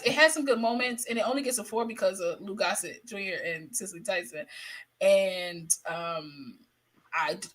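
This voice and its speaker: Emphatic bright-voiced woman film panelist. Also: medium pitch, rough recording. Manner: emphatic, repeats herself. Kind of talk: casual panel chat.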